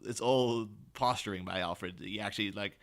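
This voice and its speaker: A man co-hosting a podcast, telling stories in a rambling, animated way with lots of fillers. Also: fairly low pitch, normal speed. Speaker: podcast co-host. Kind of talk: casual chat.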